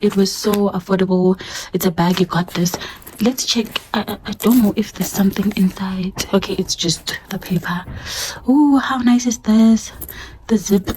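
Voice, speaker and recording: A woman's voice: medium pitch, a little mellow, slight background noise, low-quality recording. A young woman, a primary school teacher, chatting casually to camera and laughing often, repeating her words as she talks. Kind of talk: casual vlog chat.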